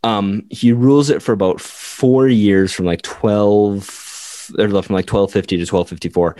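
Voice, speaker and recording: Podcast co-host, man, fairly deep voice, loose chatty history telling, dry close sound. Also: fairly even intonation, a little slow, warm tone, no room sound. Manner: rambling, full of "like", acts out quotes. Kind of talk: casual history storytelling.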